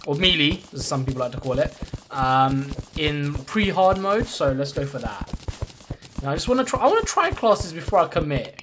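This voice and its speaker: A man's voice: fairly high pitch, a bit bright, slight background noise. Chatty male streamer thinking aloud. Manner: chatty, thinks aloud, greets and thanks chat viewers. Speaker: live streamer playing a building game. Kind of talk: casual live-stream chat.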